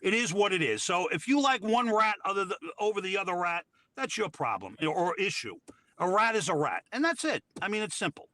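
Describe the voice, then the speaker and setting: A man's voice: high-pitched, sing-song, a little fast, bright, forceful tone, no echo. A man from Georgia co-hosting a casual livestream chat, profane, blunt and combative. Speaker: co-host.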